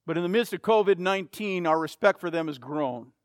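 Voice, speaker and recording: Emphatic high-voiced male preacher. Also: brisk, no room sound, studio quality. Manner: emphatic, repeats key phrases. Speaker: pastor. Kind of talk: sermon.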